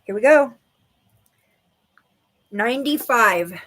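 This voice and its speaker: A woman's voice: fairly high pitch, expressive, slow, fairly bright tone. A woman giving intuitive readings to viewers on a livestream, bubbly and giggly, full of "like" and "okay". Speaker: livestream psychic reader.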